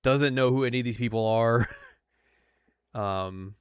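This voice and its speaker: Young male host, smooth and dry-sounding, chatty recap with jokey character voices. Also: mid-range voice, measured pace, no echo. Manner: retells scenes in goofy quoted voices. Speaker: podcast host. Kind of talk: casual recap chat.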